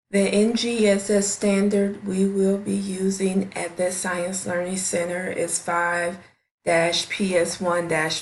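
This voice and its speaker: A woman who teaches fifth grade, presenting a classroom science station in a deliberate, instructional way with small slips. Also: mid-range voice.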